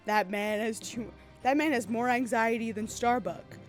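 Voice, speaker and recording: A woman's voice: fairly high pitch, normal speed, hardly any pauses, over music. A woman game streamer chatting casually and gushing as she plays, often restarting her sentences. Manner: chatty, gushing, self-interrupting. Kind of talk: casual let's-play commentary.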